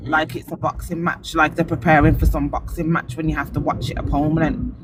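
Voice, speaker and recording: A man's voice: fairly high pitch, flat delivery, fairly quick, background noise. A man hosting a casual live-stream podcast, animatedly retelling his arguments. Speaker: podcast host.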